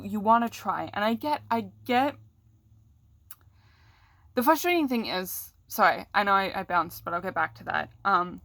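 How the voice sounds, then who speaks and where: A woman's voice: mid-range voice, fairly bright tone, no room sound. A young woman venting on camera about a bad day, rambling and frustrated, with coughing fits. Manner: rambling, frustrated, self-deprecating, candid. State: coughing, throat catching. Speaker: vlogger. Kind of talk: casual talk to camera.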